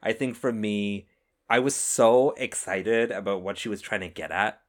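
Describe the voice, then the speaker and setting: A man co-hosting a podcast, chatting casually about a film and getting excited as he tells stories. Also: lowish voice, normal speed. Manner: excitable, animated storytelling with self-interruptions. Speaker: podcast co-host.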